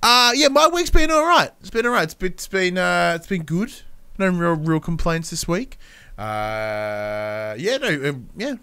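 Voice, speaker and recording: A young man co-hosting a podcast, keeping his delivery energetic and enthusiastic. His voice sits a little high and sounds bright and forceful, with a smooth, crisp clarity. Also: unhurried. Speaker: podcast co-host. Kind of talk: casual podcast chat.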